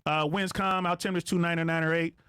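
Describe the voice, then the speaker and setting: A man's voice: a little high, fast talker, clear, resonant tone, no echo, clean studio sound. A man, a podcast guest who works as an air traffic controller, telling stories casually with lots of swearing and acting out radio calls. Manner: profane, animated, acts out radio calls.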